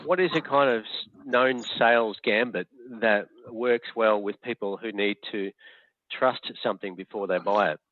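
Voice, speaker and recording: A man's voice: on the low side, moderate pace, no echo. Man leading an online workshop. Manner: chatty and hesitant, many fillers and restarts. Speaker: workshop facilitator. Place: home or office on a video call. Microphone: video call. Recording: tinny phone-like online call audio.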